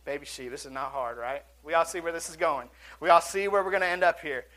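A man's voice: a little high, fast talker, bright, forceful tone. A male pastor preaching a sermon in a church auditorium, earnest and conversational, with asides and restarts.

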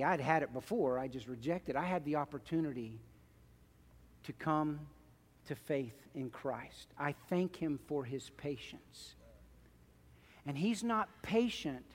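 Man, middle-aged pastor, sermon, high voice, long hall echo, loud then hushed. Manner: impassioned preaching, swinging from loud pleas to hushed asides.

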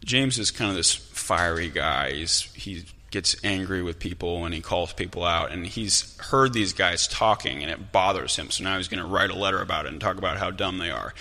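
A man preaching a sermon as pastor, talking in a conversational, animated way in a church sanctuary. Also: low voice, normal speed, few pauses. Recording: long hall reverb.

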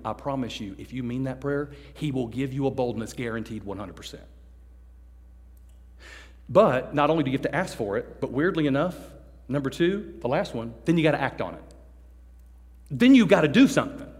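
A fairly high-voiced man preaches with lively, joking energy and slips into little impressions of the people he describes. His voice carries a long reverb from the big hall around him. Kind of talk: sermon to a youth service.

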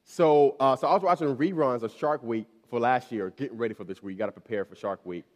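A man in his thirties preaching in a church hall. He tells a casual story with lots of restarts and repeated words, then climbs higher and louder as he drives his point home. His voice carries a long hall reverb. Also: fast talker. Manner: storytelling, repeats words, rises in pitch and volume when preaching. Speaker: pastor. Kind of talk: sermon.

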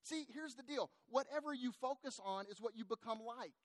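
A middle-aged male pastor delivers a sermon in an easy, conversational way, turning animated as he talks straight to his listeners. His voice sits noticeably high for a man. The sound is dry and close, with almost no room around it. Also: brisk, no echo. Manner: conversational, animated, addresses the congregation directly.

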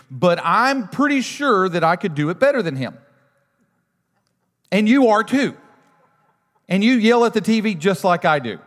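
A male pastor preaches in a loose, chatty way, leaning on self-deprecating stories. His voice sits a little high for a man. It carries the long reverb of a church hall. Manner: conversational, self-deprecating storytelling. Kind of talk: sermon.

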